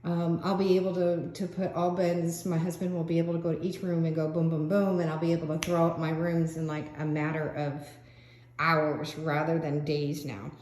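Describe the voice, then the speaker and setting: A woman's voice: deep voice, little pitch movement, moderate pace, darkish tone, a little hiss or hum. Chatty older woman in a roomy echo. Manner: chatty, laughs often, trails off with fillers. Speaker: craft vlogger. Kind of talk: rambling casual chat.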